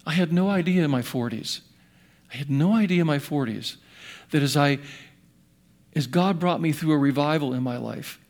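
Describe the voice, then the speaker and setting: A man in his sixties preaching a sermon in an earnest voice, rising to loud emphasis and dropping to hushed asides. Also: a little high, moderate pace, pauses often. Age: 60s. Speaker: pastor.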